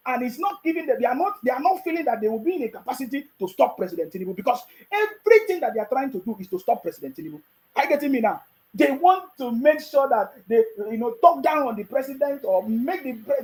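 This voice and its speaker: Here a commentator with a Nigerian accent discusses politics straight to the listener, voice sitting at a middle height and slightly mellow over poor audio. Mockery and rhetorical questions fill the delivery, chuckles break up the points, and there are frequent check-ins to make sure the listener is following along.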